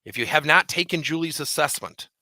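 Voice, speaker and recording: A man leading a leadership training session, telling a coaching story with animated, acted-out dialogue. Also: fairly high pitch, fairly quick, no room sound.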